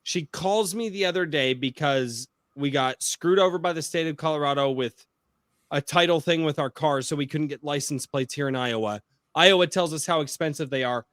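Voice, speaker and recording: Man, podcast host, excitable, swears a lot, slightly high voice, dry close sound. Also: normal speed, no echo. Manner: excitable, profane, storytelling. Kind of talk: casual chat.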